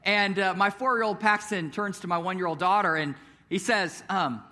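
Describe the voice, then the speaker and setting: A young male pastor with a high, bright voice, preaching at a church service. He talks casually and conversationally, full of fillers and little chuckles as he tells a story. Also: normal speed. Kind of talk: sermon with prayer and personal story.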